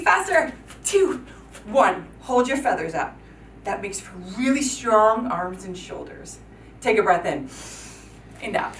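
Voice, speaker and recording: Lively woman leading a kids yoga class. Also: on the high side, a little hiss or hum. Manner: encouraging, talks to children, counts out moves. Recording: echoey room from a distance.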